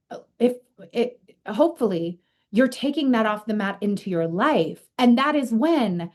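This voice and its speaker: A woman's voice: on the high side, darkish tone. Earnest, reflective woman hosting a chat. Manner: earnest and reflective, with frequent fillers. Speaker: podcast host and coach. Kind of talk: casual interview conversation.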